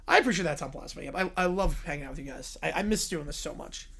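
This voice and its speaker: A man's voice: fairly high pitch, fast talker, fairly bright tone, husky. A man hosting a livestream, chatting casually and repeating words as he starts sentences. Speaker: livestream host.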